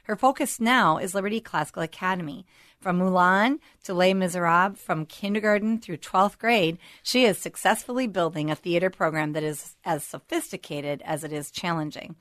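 Brief: woman co-host, engaged and responsive, lowish voice, dry close mic. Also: moderate pace, fairly bright tone, no room sound. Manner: engaged, responsive, frequent affirming replies. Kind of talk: talk show hosting.

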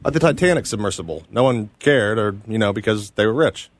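A man chiming in on a casual podcast chat with low-key, offhand remarks. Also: animated, brisk, no echo.

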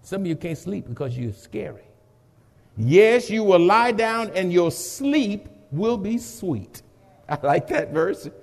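A man preaching in a high voice with an unhurried, deliberate delivery. He reads scripture and urges the congregation to answer back, dropping low and then rising to shouts. A long reverb from a church hall trails his words. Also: expressive, creaky. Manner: preaching, swings from soft to shouting, calls for congregation response. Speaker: pastor. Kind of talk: sermon.

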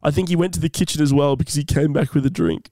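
A man's voice: a little high, fast talker, warm tone. A young man co-hosting a comedy podcast, reading out a listener's letter with jokey asides. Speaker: podcast co-host. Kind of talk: casual comedy podcast chat.

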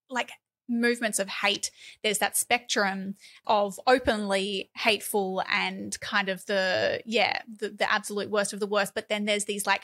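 Bright sarcastic Australian woman podcaster. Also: mid-range voice. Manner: quick, sarcastic, many fillers and restarts. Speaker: podcast co-host. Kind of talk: casual political chat.

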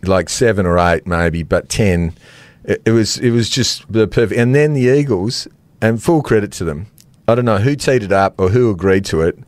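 A middle-aged Australian man co-hosts a casual sports podcast at a moderate pace, with no room sound audible. He's an animated storyteller who laughs a lot and jumps his pitch to act out quoted voices.

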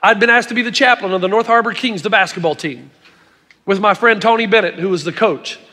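In a large hall full of long, ringing reverb, a middle-aged man with a notably high, bright voice preaches at a fairly quick clip. His sermon unfolds as storytelling, punctuated by emphatic remarks aimed at the congregation.

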